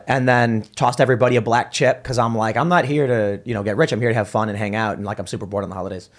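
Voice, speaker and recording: A man hosting a livestream, telling stories in casual chat, rambling with many restarts and fillers. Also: mid-range voice. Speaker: livestream host.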